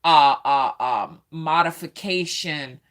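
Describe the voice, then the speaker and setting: A Southern US woman hosting a casual live stream, her voice sitting on the lower side. She talks at an unhurried pace, greets her viewers by name and often stops to fill a pause with "um". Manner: chatty, greets viewers by name, frequent ums. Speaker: livestream host.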